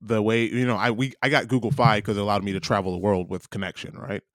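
Man, casual chat, lively storytelling, acts out both sides, dry close sound. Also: on the low side, quick pace, dry recording. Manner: animated storytelling, acting out both sides of an argument. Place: living abroad.

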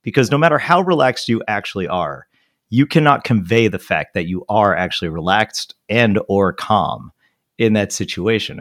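A man's voice: on the low side, normal speed, no echo, studio quality. A man co-hosting a podcast in casual chat, sarcastic and given to swearing as he tells stories. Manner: animated, swearing, sarcastic storyteller. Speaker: podcast co-host.

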